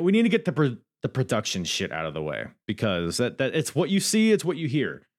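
A man hosting a podcast in a loose, rambling review style, swearing as he goes. His pitch swings up and down a lot as he talks, and he sounds candid and unpolished. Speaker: podcast host.

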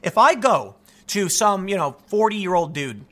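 Man, opinionated commentary, animated, rambling, stammers and restarts, bright forceful voice, slightly high. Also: unhurried. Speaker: political commentator.

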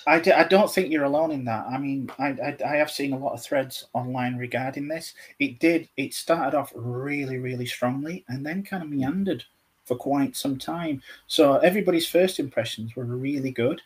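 A man hosting a casual podcast, a little hoarse, joking and self-deprecating. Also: medium pitch, moderate pace. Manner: jokey, self-deprecating, playful teasing. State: slightly hoarse. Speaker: podcast host.

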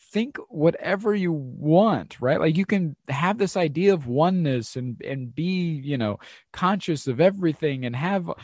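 Animated man telling a story, dry sound. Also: on the high side, dry recording. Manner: animated storyteller, acts out quotes, frequent fillers and restarts; laughs often while talking. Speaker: podcast host. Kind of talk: casual storytelling monologue.

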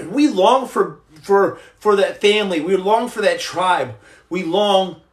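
A man's voice: high-pitched, lively intonation, slow pace, roomy sound. A man hosting a comedic livestream, reading viewer comments and rambling through jokes with stammered restarts. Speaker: livestream host.

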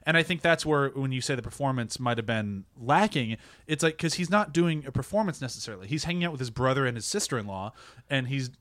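Fast-talking man on a podcast. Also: mid-range voice, animated, a bit bright, dry recording. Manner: fast, opinionated, lots of "like". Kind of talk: casual podcast film discussion.

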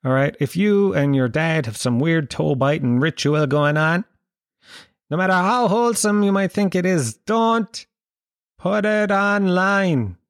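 A man's voice: on the high side, animated, moderate pace, dry recording, studio quality. A middle-aged Irish man doing a crude, rambling comedic monologue, acting out voices as he goes.

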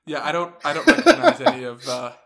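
Man, slightly higher voice, lively pitch, teasing questions. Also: fast, crowd noise. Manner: teasing, asks playful questions. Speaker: podcast co-host. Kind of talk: casual chat.

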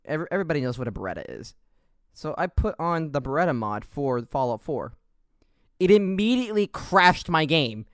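A man's voice: a little high, very animated, brisk, no room sound, studio quality. A man hosting a casual gaming podcast, rambling through stories and laughing along. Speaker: podcast host.

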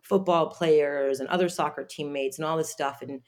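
A woman guest telling a personal story in an interview, halting, with many fillers and restarts. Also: deep voice, fairly even intonation, a little mellow.

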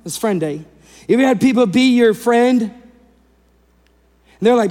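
A male pastor preaching a sermon in an animated way, acting out the people in the story and swinging between loud and hushed delivery. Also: very high voice, moderate pace, long pauses, in a large hall.

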